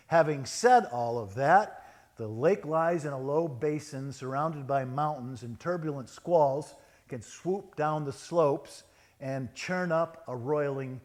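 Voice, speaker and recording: Slow, dramatic male preacher. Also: mid-range voice. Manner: dramatic, acts out quoted voices with sudden loud bursts; wry asides with humor. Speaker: pastor. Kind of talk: sermon. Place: church.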